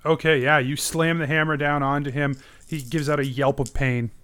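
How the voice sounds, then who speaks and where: A man with a higher, smooth and resonant voice runs a tabletop game. He narrates the action in a casual, quick way and laughs easily along with his players. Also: little pitch movement, fairly bright tone. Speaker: game master.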